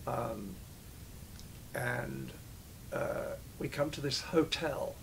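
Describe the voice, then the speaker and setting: Recounting old shoots in an interview, this older actor drifts between stories and halts, then restarts, his sentences again and again. He has a creaky mid-range voice, heard against slight background noise.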